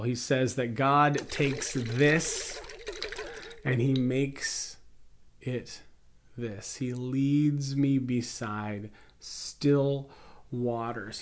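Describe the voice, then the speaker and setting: A man preaching a sermon, reflective, mixing scripture with a family story and rhetorical questions to the congregation. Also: medium pitch. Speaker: pastor.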